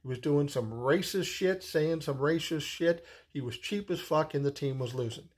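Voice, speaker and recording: A man's voice: on the high side, normal speed. A man in his sixties telling a personal story in a casual, rambling way, swearing freely as he goes. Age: 60s. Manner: profane, rambling, conversational.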